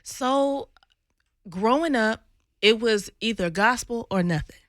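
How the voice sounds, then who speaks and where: A woman's voice: a little high, animated, slow, fairly bright tone, dry recording, clean studio sound. A woman with a Southern American accent, a singer guesting on a radio interview, telling stories in an easygoing way and laughing often. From Southern United States. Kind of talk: casual interview chat. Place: radio studio.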